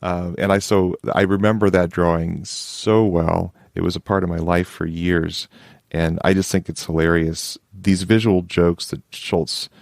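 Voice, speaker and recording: A man's voice: deep voice, level tone, measured pace, creaky, dry recording, clean studio sound. A man co-hosting a podcast, chatting casually and enthusiastically, often restarting his sentences. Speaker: podcast co-host. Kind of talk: casual chat.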